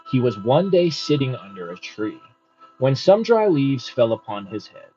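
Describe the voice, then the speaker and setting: A man's voice: medium pitch, dark tone. A man hosting a book study, reading aloud unhurriedly and adding casual comments. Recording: muffled with faint music.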